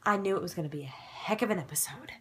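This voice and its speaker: Excitable husky-voiced woman vlogger. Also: fairly low pitch, fast. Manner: animated and excitable, with sudden dramatic whispers. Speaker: vlogger recapping a ghost-hunting show. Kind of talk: casual episode recap.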